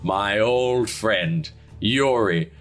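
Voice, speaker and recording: A man's voice: on the low side, very slow, faint music behind. A man voicing Bartholomew, a pompous, showy male treasure-hunting rival who gloats theatrically, in a tabletop game. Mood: gloating, showy. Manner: grandiose, theatrical flourishes.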